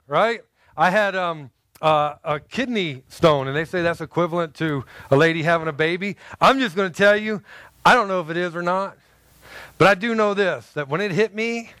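A man with a high, smooth and resonant voice preaching a sermon in a dry, close sound. He tells personal stories in an animated way, acts out the people in them and jokes with the congregation. He sounds middle-aged. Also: dry recording. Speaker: pastor.

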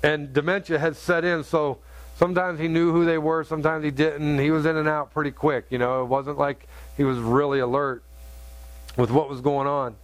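A middle-aged man preaching a sermon, telling a story in an earnest, halting way with many restarts. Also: on the high side, level tone, no room sound. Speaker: pastor.

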